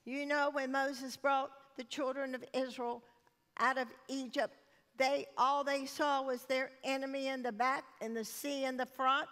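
A woman speaking to a church congregation in a measured, exhorting way. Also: sits high, level tone, a bit bright, clean tone. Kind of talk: sermon. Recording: long hall reverb.

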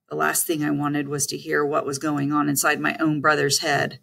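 A woman's voice: low-pitched, moderate pace, vocal fry, hardly any pauses. A woman narrating a first-person story as an audiobook, reading in a storytelling manner. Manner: first-person storytelling, lively voiced dialogue.

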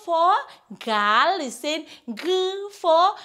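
A woman's voice: very high voice, expressive, sharp tone. A woman teaching young children, singing a phonics lesson with a playful sing-song delivery. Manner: sing-song, slow and drawn-out, playful sound effects.

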